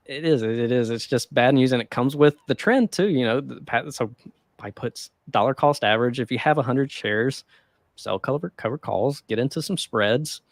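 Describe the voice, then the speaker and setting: A man's voice: mid-range voice, normal speed, dry recording, clean studio sound. A man co-hosting a casual podcast, rambling loosely with lots of fillers and frequent chuckles. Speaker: podcast co-host. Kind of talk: casual chat about the stock market.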